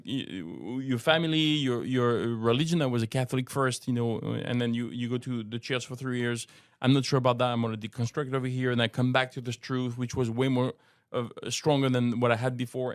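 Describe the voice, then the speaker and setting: An older man with a French accent talks through faith questions on a podcast, earnest and a little halting, often restarting his sentences. His voice sits at a middle pitch. The sound is dry and close, with no room around it. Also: no room sound. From France. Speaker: co-host and apologetics teacher. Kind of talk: casual podcast conversation.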